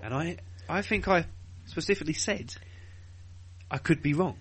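A man's voice: fairly high pitch, moderate pace, fairly bright tone, breathy edge. A young English man hosting a podcast, swearing and joking casually with his co-hosts. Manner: sweary, joking, self-mocking. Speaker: podcast host.

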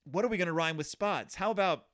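A fast-talking man with a high, slightly bright voice hosts a podcast. His comedic commentary on a children's book is sarcastic and rambling, loaded with fillers and restarts.

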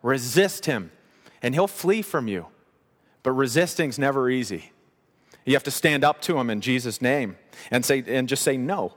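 A man preaching a sermon as pastor, animated and conversational with playful asides. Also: medium pitch, normal speed, long reverb tail.

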